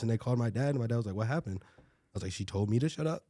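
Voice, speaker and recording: A man's voice: medium pitch, sing-song, fast, sharp tone, no echo. A young man, a podcast guest, telling stories in laid-back slang with a lot of "like". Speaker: guest, dancer and new comic. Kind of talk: casual chat, storytelling.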